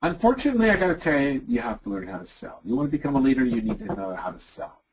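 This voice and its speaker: A middle-aged man with a Canadian accent giving a chatty leadership presentation, acting out quotes in lively voices. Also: mid-range voice, rapid-fire, a little hiss or hum, low-quality recording. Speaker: leadership speaker. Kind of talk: webinar presentation.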